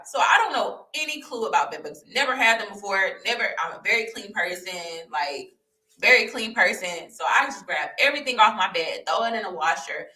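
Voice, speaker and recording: Animated young woman, echoey room. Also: medium pitch, a little fast. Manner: animated, repetitive, laughing as she recounts. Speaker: vlogger sharing a personal testimony. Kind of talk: candid storytelling to camera. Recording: roomy echo, voice a bit far from the mic.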